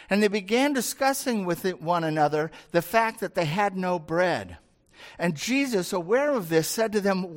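A pastor preaches in a relaxed, storytelling manner and slips into acted-out scenes. The voice sits mid-pitch and moves with lively, animated rises and falls. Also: moderate pace. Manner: storytelling, conversational, acts out scenes. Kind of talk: sermon.

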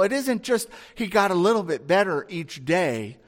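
Guy preaching a sermon, chatty, asks rhetorical questions, higher voice, long hall echo. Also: very animated, moderate pace.

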